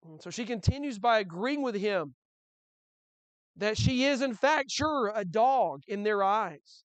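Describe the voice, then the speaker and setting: A man's voice: sits high, lively intonation, a little slow, no echo. A male pastor preaching a sermon in a conversational way, with frequent restarts and rhetorical questions.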